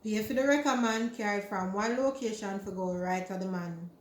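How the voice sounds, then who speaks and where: A woman's voice: medium pitch, normal speed. Jamaican lady chatting away, tells it like a story, roomy echo behind her voice. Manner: chatty, animated retelling in Jamaican Creole. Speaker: vlogger. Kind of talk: casual storytelling chat.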